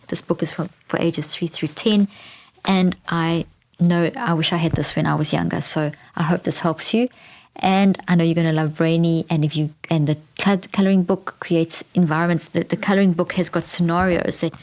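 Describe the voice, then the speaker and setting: A middle-aged woman hosts a podcast, her voice sitting on the low side with a darkish tone. She reflects as she tells a candid personal story, often restarting her sentences.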